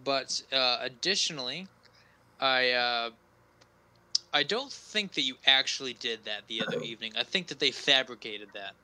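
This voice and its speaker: A man playing a weary, serious wizard advisor in a tabletop game, who talks with hesitant pauses and sighs. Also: medium pitch, bright, forceful tone, low-quality recording. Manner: hesitant, sighing, frequent pauses.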